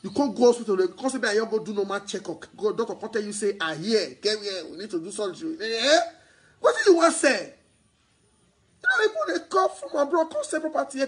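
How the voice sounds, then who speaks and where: Nigerian property guy doing a sales broadcast, high voice, kinda husky, keeps repeating himself. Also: rough recording. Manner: mixes Pidgin into English, repeats himself, turns loud and excited. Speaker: real estate agent.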